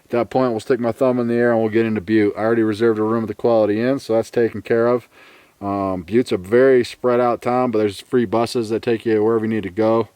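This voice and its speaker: A man talking casually to his camera while out on a long hike, swearing freely and rambling in a relaxed way. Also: on the low side, quick pace, clear, resonant tone, no room sound. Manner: profane, laid-back, rambling. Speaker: thru-hiker vlogger. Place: outdoors on a trail, later a hotel room.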